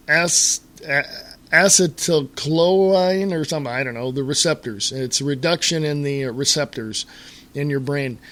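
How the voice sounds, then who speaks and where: A man's voice: on the high side, a bit bright. A man hosting a solo talk radio show, ranting in an exasperated way to his listeners with lots of fillers and restarts. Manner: halting with fillers and repeated starts.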